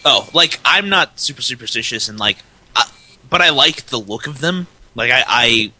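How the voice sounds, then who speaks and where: A man's voice: medium pitch, expressive, normal speed, sharp tone, low-quality recording. A man co-hosting a casual gaming podcast, talking at length with lots of "like". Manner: talkative, many "like" fillers. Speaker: podcast co-host. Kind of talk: casual chat.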